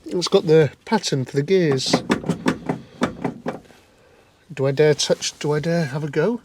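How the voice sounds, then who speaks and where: A man's voice: on the high side, moderate pace, noisy background. A man giving chatty, wry running commentary to camera as he looks over an old car in a cold scrapyard. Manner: chatty, wry, muttering to himself. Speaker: vlog host.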